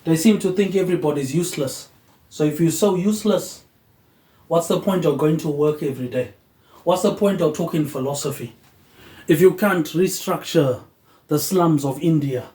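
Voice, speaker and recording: In an echoey room, a fairly high-pitched man hosts a rambling philosophical monologue. His thoughts drift loosely, and nearly every phrase ends with a quieter tag word.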